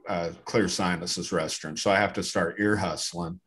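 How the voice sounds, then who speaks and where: Low-voiced male stand-up comic. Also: normal speed, breathy edge. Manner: deadpan storytelling, acts out characters. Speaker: stand-up comedian. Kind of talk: stand-up storytelling. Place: comedy club stage.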